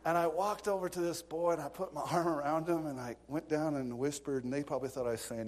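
A man's voice: a little high, steady tone, quick pace, hardly any pauses, crowd noise. A man preaching a sermon, telling stories with dramatic asides and bursts of laughter. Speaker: pastor. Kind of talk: storytelling sermon.

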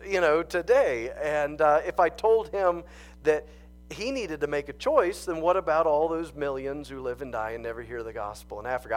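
Lively, chuckling male pastor preaching. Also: fairly high pitch. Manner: conversational storytelling, chuckles between phrases. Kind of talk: sermon.

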